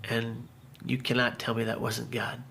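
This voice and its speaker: Man telling his story, halting and emotional. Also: medium pitch, completely flat delivery, gravelly, bright, forceful tone. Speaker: suicide attempt survivor. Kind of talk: personal testimony. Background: background music.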